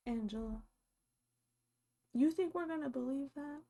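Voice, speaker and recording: A young woman giving casual, animated commentary as a reality show vlogger, chatty and full of fillers. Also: a little high, measured pace.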